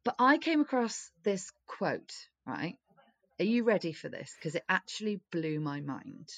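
A young woman with a slightly low voice talks with a friend in an easy, chatty way. She tells stories with lots of expression and swears without a second thought. Her voice sits close and dry on the mic. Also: a little slow, no room sound. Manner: animated storyteller, swears freely, acts out friends' voices. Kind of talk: casual chat.

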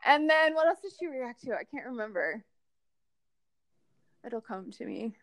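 A woman co-hosting a casual fan podcast, chatty and animated, with lots of fillers and restarts. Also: a little high, normal speed, no echo, studio quality. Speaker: podcast co-host. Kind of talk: casual fan podcast chat about a TV show.

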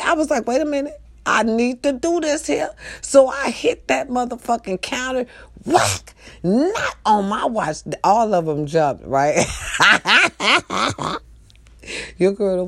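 An older woman, telling a comic story in an animated, profane way with loud bursts. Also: fairly low pitch.

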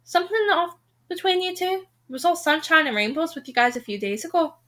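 A frank, prying young woman coworker who pushes for the truth with blunt questions, voiced by a woman reading a novel aloud. The voice sits high and bright, in a plain storybook reading. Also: brisk.

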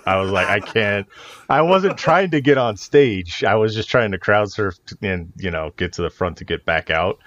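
Low-voiced man, profane and laughing. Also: a bit bright. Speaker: podcast co-host. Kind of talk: casual chat. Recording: muffled lo-fi podcast audio.

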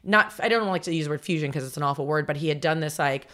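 A woman in her forties from Los Angeles, a chef telling her story as a podcast guest in a quick, chatty way full of "like". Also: low-pitched, a bit bright. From Los Angeles, United States. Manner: fast and chatty, packed with "like", slips into voiced quotes. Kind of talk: casual interview storytelling.

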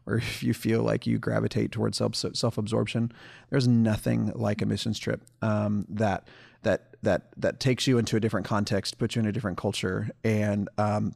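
A man's voice: lowish voice, vocal fry, darkish tone. A man in his thirties co-hosting a podcast in casual chat, rambling with many ums and restarts. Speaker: podcast co-host.

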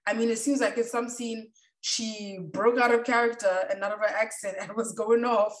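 A woman's voice: a little high, little pitch movement, normal speed. A woman co-hosting a casual chat, talking loosely with many fillers. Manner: chatty, lots of "like" fillers. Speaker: podcast co-host. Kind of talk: casual chat reviewing a reality show. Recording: echoey room, a bit far from the mic.

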